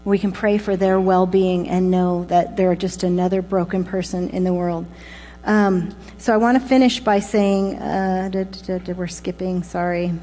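A woman's voice: lowish voice, steady tone, moderate pace, warm tone. Woman preaching in a reverberant hall. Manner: informal, with fillers and asides. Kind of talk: casual conversational sermon. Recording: long reverb with mains hum.

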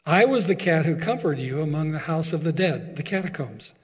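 A calm, solemn lion voice speaks slowly from the mist, as a man reads it aloud. The sound is dull and lo-fi, with a long echo trailing behind. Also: a little high, close to an everyday voice.

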